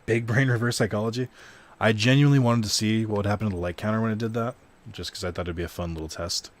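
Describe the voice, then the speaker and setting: A young man chatting loosely over a card video game stream, voice sitting a bit low. He rambles and pokes fun at himself, dropping the odd swear word. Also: steady tone, quick pace. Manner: rambling, self-deprecating, swears casually. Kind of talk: casual gaming stream commentary.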